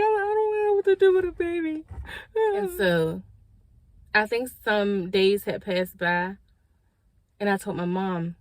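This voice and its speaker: Lowish-voiced woman vlogger doing a storytime, slangy, acts out the dialogue, dry close sound. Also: dry recording. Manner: animated storytelling, acting out quoted dialogue; slangy, direct, addresses viewers as y'all. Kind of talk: storytime vlog.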